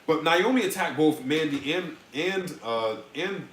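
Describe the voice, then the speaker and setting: A man's voice: a little high, expressive, unhurried, a bit bright, echoey room. A man hosting a casual podcast chat, rambling and sarcastic, with frequent restarts. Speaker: podcast host.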